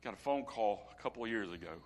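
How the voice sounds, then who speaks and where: A middle-aged man preaching a sermon as pastor, swinging from hushed, near-whispered lines to loud, ringing ones and stretching out key phrases slowly. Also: lowish voice, animated. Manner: slow, drawn-out emphasis on key phrases.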